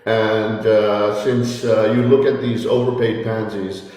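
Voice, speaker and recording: A Canadian man co-hosting a casual chat show, slow and rambling, often laughing. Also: fairly low pitch, little pitch movement, darkish tone. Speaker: co-host. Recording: echoey room mic with long reverb.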